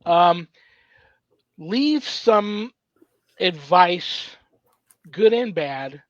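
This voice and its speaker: A man's voice: sits high, animated, drawn-out words, no echo. Effusive man host, dull dry sound. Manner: warm, effusive, blessing the guest. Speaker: host, priest. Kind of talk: casual interview chat.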